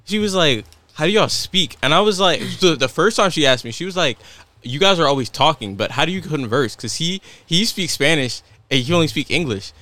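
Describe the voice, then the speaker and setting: A man's voice: a little high, fairly quick. A young man co-hosting a podcast, chatting casually and acting out other people's lines as he tells stories. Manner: animated storyteller who acts out other people's lines. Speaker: podcast co-host. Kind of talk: casual chat.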